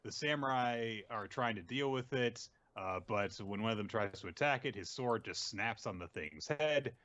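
A man hosting a podcast, casually recapping a manga chapter and halting often with fillers. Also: on the low side, a bit bright, lo-fi sound. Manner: rambling, halting with many fillers. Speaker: podcast host.

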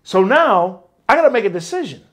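Middle-aged guy, interview guest, animated raconteur acting out the dialogue. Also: sits high, brisk. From Detroit, US. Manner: animated, acts out quoted dialogue. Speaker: interview guest, former bodyguard. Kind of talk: casual storytelling interview.

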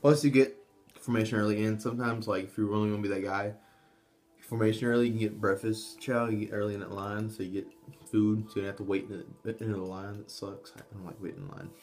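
A man's voice: fairly low pitch, steady tone, fast, a little mellow. Rambling, cussing young guy. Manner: rambling and profane, with frequent restarts and asides. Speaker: vlogger, army trainee. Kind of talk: casual tips monologue.

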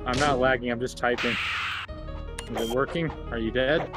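A man's voice: medium pitch, moderate pace, over loud music. A young man hosting a gaming video, chatting and joking with friends during a multiplayer match. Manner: animated, joking, bursts of laughter. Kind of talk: casual multiplayer game chat.

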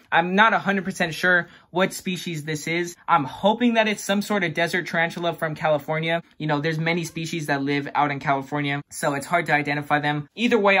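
Young guy with a raised pitch, excitable and slangy, casual vlog chat. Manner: slangy, excitable, self-mocking. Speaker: pet keeper showing his bugs.

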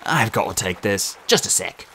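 A man voicing a sly, smooth-talking male god in a put-on mixed British and Australian accent for an audiobook. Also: fairly low pitch, expressive, normal speed, sharp tone, a little hiss or hum, full character voice. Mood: breezy. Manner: breezy, teasing. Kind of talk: audiobook reading.

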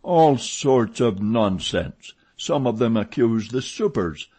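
A man reading a story, voicing a gruff, blunt male head groom with a dry, measured delivery. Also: medium pitch, expressive, dark tone.

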